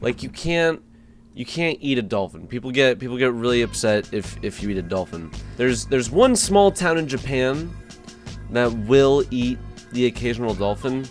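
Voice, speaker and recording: A young man doing stand-up, deadpan with sudden loud outbursts and repeated word stumbles. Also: medium pitch, moderate pace, soft background music. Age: young adult. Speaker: comedian and street interviewer. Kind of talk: stand-up comedy.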